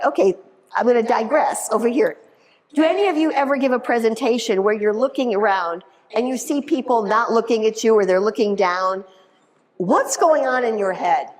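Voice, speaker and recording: Casting: upbeat middle-aged woman, high voice, keynote speaker working a live room. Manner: energetic, animated, engages the audience with questions. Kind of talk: motivational keynote talk. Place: conference room before a live audience.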